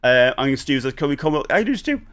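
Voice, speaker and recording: A chatty man hosting a live stream. His talk rambles loosely with restarts and asides as he reads viewer messages aloud. His voice sits at an ordinary middle pitch. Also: big pitch swings, brisk, fairly bright tone. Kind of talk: casual live-stream chat.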